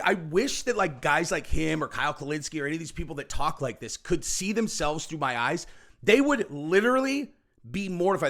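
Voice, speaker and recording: A man with a somewhat high-pitched voice hosts a heated political reaction rant. He curses freely and jabs questions at the viewer, and he keeps asking "okay?" and "right?" between points. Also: big pitch swings, moderate pace, a bit bright. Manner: angry, profane, ranting with frequent "okay?" and "right?". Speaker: political commentary host.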